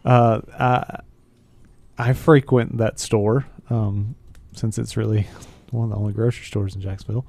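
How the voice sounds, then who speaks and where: A man's voice: fairly low pitch, steady tone, moderate pace, creaky, a little mellow, dry recording. A man co-hosting a casual tech radio show, telling stories in a dry, matter-of-fact way. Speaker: co-host.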